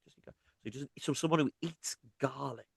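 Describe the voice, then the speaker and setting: A man's voice: mid-range voice, moderate pace, creaky, slightly rough, no echo. A man in his thirties with a Mackem accent, co-hosting a casual gaming podcast with jokey, teasing banter. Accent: Mackem (Sunderland). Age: 30s. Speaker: podcast co-host.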